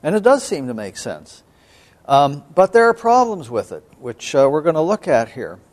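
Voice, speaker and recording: A man lecturing as a seminary professor on scripture, measured and thoughtful, with frequent pauses and an occasional throat-clearing. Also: on the high side, big pitch swings. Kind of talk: biblical studies lecture.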